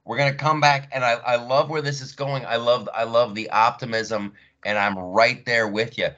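A man's voice: mid-range voice, fairly even intonation, normal speed, bright, forceful tone, highs cut off. Easygoing male podcast host. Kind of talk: casual interview talk.

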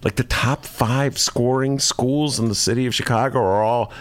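A man hosting a casual political chat, animated and joking, slipping into mocking voices. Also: mid-range voice, normal speed, no echo. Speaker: podcast host.

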